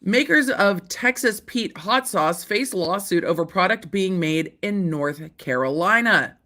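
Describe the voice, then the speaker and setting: A woman hosting a casual legal commentary show, bright and forceful in tone. She reacts with animated disbelief, repeats herself, and swears casually. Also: medium pitch, a little slow. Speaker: host.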